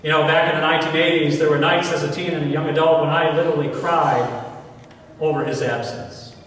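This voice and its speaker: A man in his forties with an American accent, a priest telling a personal story in a homily, earnest and slow with emphatic pauses. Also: fairly high pitch, fairly even intonation, fairly bright tone, a little hiss or hum. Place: large church. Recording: echoey church hall from far off.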